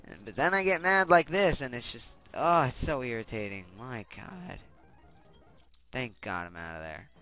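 A man's voice: mid-range voice, expressive, normal speed, bright, forceful tone, soft background music. A young man commenting on his gameplay in a casual, irritated way, swearing and rambling. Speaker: let's play gamer.

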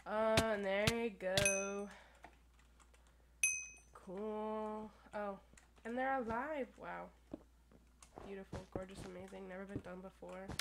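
A young woman giving gameplay commentary at her computer, full of crude, profane, playful trash talk and quick rants. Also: mid-range voice. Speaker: gaming YouTuber. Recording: noisy recording with keyboard clicks.

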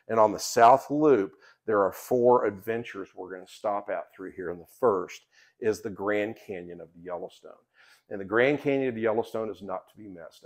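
A middle-aged man, a podcast host and guidebook author, talking casually like a folksy storyteller who swears now and then. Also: on the low side. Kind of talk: casual promotional talk.

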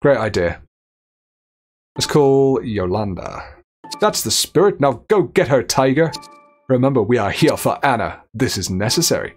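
A man's voice: mid-range voice, big pitch swings, normal speed, pauses often, soft background music. Joking male game streamer. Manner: joking, reads texts and chat aloud. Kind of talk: gameplay commentary.

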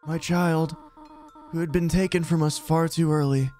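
A man voicing a gentle, motherly goat woman in a game, speaking formally and politely with no contractions. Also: fairly high pitch, steady tone, moderate pace, soft background music, close to an everyday voice.

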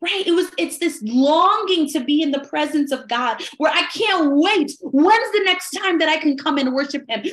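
Woman, high voice, fervent Bible study teacher; roomy echo on the recording. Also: fairly bright tone. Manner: fervent, repeats phrases, says "right?" often.

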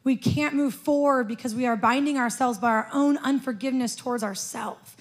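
A woman preaching a sermon in a church, telling a personal story in an animated way and often laughing. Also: high-pitched, a little fast.

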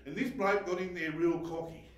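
A pastor gives a heartfelt sermon testimony, his voice running high as he swings from loud outbursts to near-whispers. He is heard from across a very echoey church hall. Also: fairly even intonation, normal speed, distant mic. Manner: emotional, swings from shouting to hushed, laughs often.

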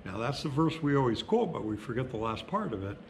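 A middle-aged male pastor who preaches in a conversational, storytelling way and slows down for emphasis. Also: mid-range voice, sing-song, vocal fry, a little hiss or hum. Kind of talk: sermon.

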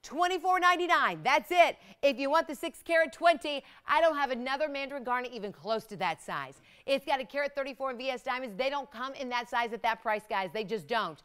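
Woman selling jewelry live on tv, pushy excited pitch, smooth clear voice. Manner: fast, excited hard-sell patter. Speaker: shopping channel host.

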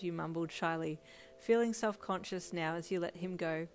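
A woman narrates a fan fiction aloud in a steady, even storybook manner. Her voice sits slightly low for a woman. Soft music plays faintly behind her. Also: normal speed.

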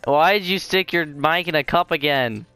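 A man's voice: on the high side, moderate pace, pushed and bright, soft background music. A young man in casual gaming chat, half distracted by the game and answering with joking banter. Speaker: gaming YouTuber.

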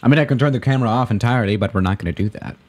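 A man's voice: mid-range voice, very fast, darkish tone. A man chatting casually on a live stream while playing a flight simulator, rambling and correcting himself as he goes. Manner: rambling, self-correcting, laid-back.

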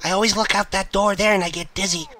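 A man talking in game voice chat, mouthy and mocking, complaining loudly. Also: high voice, steady tone, fast. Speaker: game player.

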